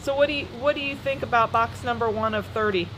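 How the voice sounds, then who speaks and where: Woman, co-host, wry and dry, quick laughs, clear background hiss. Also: a little high. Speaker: co-host and reseller. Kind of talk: casual unboxing chat. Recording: background noise.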